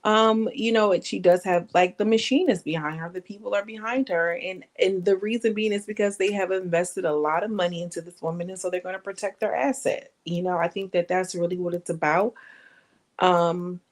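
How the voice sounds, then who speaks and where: A woman commenting in a casual gossip vlog, animated, emphatic, slangy and blunt. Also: on the low side, brisk. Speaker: online commentator.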